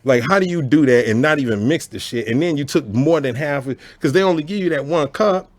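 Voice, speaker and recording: A man telling a story in casual chat, animated and profane, laughing often and asking whether the listener gets his point. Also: fairly high pitch, fairly quick, dry recording. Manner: animated, profane, laughs often, keeps asking "you know what I'm saying". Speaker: storyteller host.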